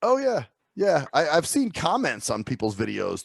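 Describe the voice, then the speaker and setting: Gravelly, lively male podcast host. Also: medium pitch, a little fast, hardly any pauses, no room sound. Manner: laughs along, loose filler-heavy questions. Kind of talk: casual interview chat.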